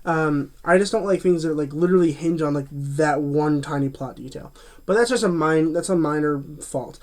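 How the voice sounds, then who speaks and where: A man talks through a film review in a loose, chatty way, his voice sitting a little higher than most men's. He trips over his words, restarts sentences and leans on fillers as he goes. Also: moderate pace. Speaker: movie reviewer. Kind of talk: casual spoken review.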